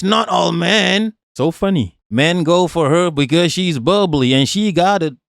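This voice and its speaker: A man's voice: fairly high pitch, dry recording. Profane, mocking male streamer, dry sound. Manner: profane, mocking, rhetorical questions, frequent laughs. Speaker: streamer reacting to a video. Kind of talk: casual reaction stream.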